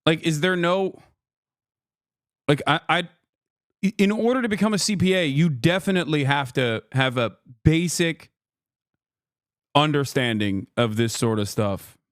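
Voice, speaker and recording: Man, streamer, exasperated political rant, profane, sarcastic, high voice, dry close sound. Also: a little slow, long pauses, no room sound. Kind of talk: ranting political commentary.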